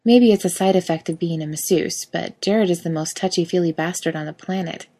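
Brief: female reader, slightly low pitch, wry lively storytelling. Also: a little fast. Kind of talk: reading fan fiction aloud.

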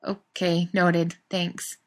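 A woman's voice: lowish voice, little pitch movement, extremely slow. A woman voicing an anxious male professor who speaks hesitantly and pleads in a read-aloud story.

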